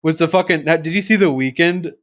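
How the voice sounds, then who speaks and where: Jeune coanimateur, voix plutôt aiguë, sarcastique et grossier. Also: male voice, a little high, moderate pace. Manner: sarcastic, swears a lot. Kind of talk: casual chat.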